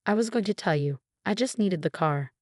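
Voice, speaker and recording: A woman's voice: mid-range voice, animated, brisk, a little mellow, dry recording, studio quality, close to an everyday voice. A woman reading a desperate pleading mother.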